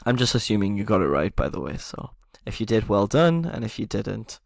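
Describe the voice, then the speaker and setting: A man's voice: on the low side, big pitch swings, brisk, creaky, dry recording, studio quality. A man teaching a beginner language lesson, explaining patiently, often checking in with "okay?" and chuckling at himself.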